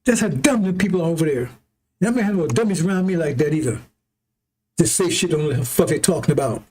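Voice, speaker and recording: Husky high-voiced man preaching. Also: animated, quick pace, darkish tone. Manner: blunt, rambling, laughs often, swears. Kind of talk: loose spoken sermon with scripture reading.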